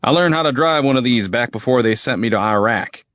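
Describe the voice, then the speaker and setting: A man's voice: mid-range voice, expressive, brisk, a bit bright, no echo, clean studio sound, voice pushed up, close to an everyday voice. A man doing a sneering redneck veteran. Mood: smug. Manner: drawling, foul-mouthed, taunting. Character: crude cocky male army veteran thug, sneering. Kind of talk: audiobook character voice.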